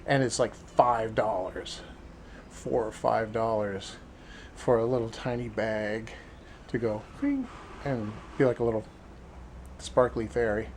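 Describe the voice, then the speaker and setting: A man chatting casually in a vlog, retelling his errands in an animated way. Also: fairly low pitch, unhurried, pauses often, slight background noise, poor audio. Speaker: vlogger.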